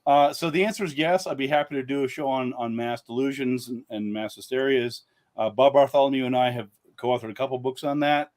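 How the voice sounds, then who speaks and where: A man of ordinary middle pitch chats casually as a guest author. He rambles and circles back, with frequent "uh" fillers and restarts. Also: steady tone, a little fast, a little mellow. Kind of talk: casual live-stream chat.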